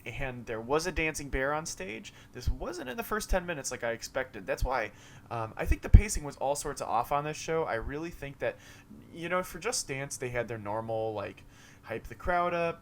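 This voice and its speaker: A man's voice: a little high, animated, normal speed, a bit bright, a little hiss or hum. A young man casually recapping a game showcase, rambling, with many fillers and self-corrections. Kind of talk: casual commentary monologue.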